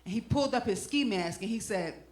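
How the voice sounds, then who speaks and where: A woman's voice: medium pitch, animated, brisk, echoey room. A middle-aged woman from Brooklyn, doing a stand-up comedy set with punchy, slangy delivery and asides to the crowd. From Brooklyn, New York. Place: comedy club stage.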